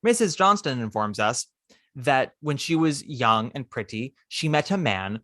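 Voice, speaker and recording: A man hosting a podcast, casually recounting a musical's plot with lively asides. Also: medium pitch, a little slow, no echo, studio quality. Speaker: podcast host. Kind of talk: casual chat.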